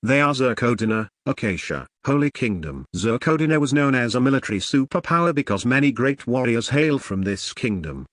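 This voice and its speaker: A man's voice: mid-range voice, expressive, fairly quick, hardly any pauses, a bit bright, dry recording, studio quality. A man narrating a fantasy audiobook with literal, oddly phrased reading.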